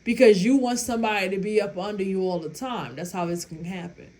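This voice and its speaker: Swearing freely, a woman offers her viewers blunt, emphatic relationship advice in a casual way, laughing at her own story. She speaks fairly quickly in a steady, medium-pitched voice that's a little mellow.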